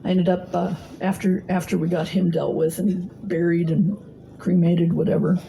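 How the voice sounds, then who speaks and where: A woman's voice: on the low side, flat delivery, normal speed, vocal fry, dark tone, a little hiss or hum, poor audio. A middle-aged woman telling her own recovery story at a meeting, blunt and salty, with plenty of fillers. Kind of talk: personal testimony talk. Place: meeting hall.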